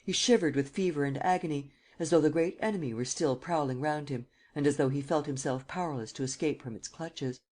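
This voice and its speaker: Woman reading an old crime novel aloud, low voice, steady and even. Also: brisk, few pauses. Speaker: audiobook narrator. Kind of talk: scripted narration.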